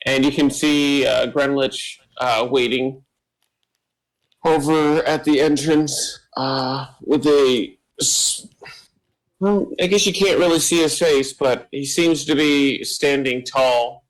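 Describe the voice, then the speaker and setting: Slow, meandering game master man. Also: mid-range voice, poor audio. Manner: slow, filler-heavy, meandering. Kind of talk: narrating a tabletop game.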